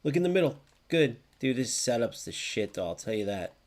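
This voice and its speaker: A young man streaming a football video game, reacting loudly to plays, swearing often and answering viewers in chat. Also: medium pitch, sing-song, fairly quick. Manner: chats with live viewers by name. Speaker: gaming streamer. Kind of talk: live gameplay commentary.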